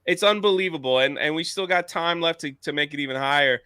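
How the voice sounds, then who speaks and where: Bright high-voiced man, dry close sound. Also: fast talker, clean tone, no room sound. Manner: animated, indignant, talks about his comic project. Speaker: podcast co-host. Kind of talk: casual livestream chat.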